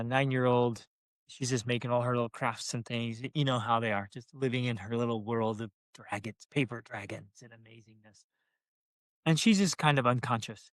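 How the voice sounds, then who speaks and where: A man co-hosting a parenting talk, telling a family story in a lively, playful way. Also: mid-range voice, dry recording, studio quality. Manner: animated, acts out family voices. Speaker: parenting podcast co-host. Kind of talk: casual storytelling.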